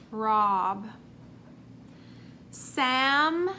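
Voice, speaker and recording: Slow, bright-voiced woman teacher sounding out words. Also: high voice, a little hiss or hum. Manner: encouraging praise after each answer. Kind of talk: remote phonics lesson for young children.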